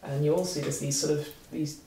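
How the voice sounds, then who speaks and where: A woman running a tabletop game, describing scenes in a halting way with many fillers, in an echoey room far from the mic. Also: sits low, steady tone, gravelly, dark tone, slight background noise. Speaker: game master.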